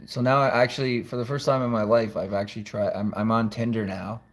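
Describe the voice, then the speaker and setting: Vlogging from home, a man delivers a loose, casual monologue that rambles, swears, and often restarts. His voice is on the low side and steady, and he speaks briskly.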